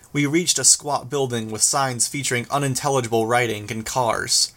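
A man reading a first-person action novel as an audiobook, with a steady, even delivery. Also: medium pitch. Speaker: audiobook narrator.

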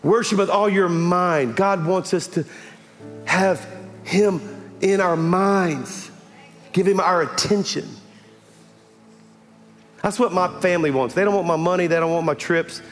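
A man preaching a sermon as pastor, building from storytelling to shouted calls to the congregation. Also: sits high, unhurried, long pauses. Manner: builds to shouted, rising exhortation with call-and-response. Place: large church sanctuary with audience. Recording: live church recording, long reverb, music and crowd behind.

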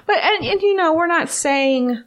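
A woman's voice: very high voice, animated, a little slow, a bit bright. A woman co-hosting a Christian radio talk show, chatting casually with a playful, teasing manner. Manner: playful, teasing, laughs often.

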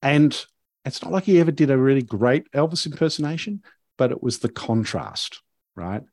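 A man's voice: mid-range voice, lively intonation, normal speed, darkish tone, no echo, clean studio sound. Man telling a rambling story. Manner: rambling, with many fillers and restarts. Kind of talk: casual storytelling chat.

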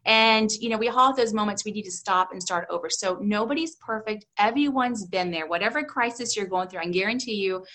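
A woman in her fifties speaks as an interview guest, earnest and encouraging. Her voice sits at an ordinary middle pitch. She talks loosely, with fillers and restarts, like a mother offering advice. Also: fairly quick, hardly any pauses, sharp tone. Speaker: guest, homeschooling mother and grandmother. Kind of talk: casual interview talk.

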